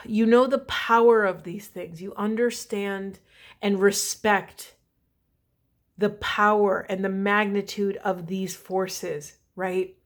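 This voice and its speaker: Earnest woman leading a spiritual reading. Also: mid-range voice. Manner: earnest, reflective, often asks "right?". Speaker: spiritual reader and coach. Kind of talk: spiritual reading with guided meditation.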